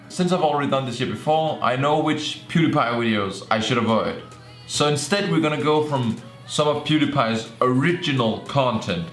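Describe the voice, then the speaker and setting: A young man riffs through a reaction video in a casual, sarcastic way, breaking into excitable outbursts. His voice sits at a medium pitch. He records in a roomy, echoey space with faint music underneath. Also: moderate pace.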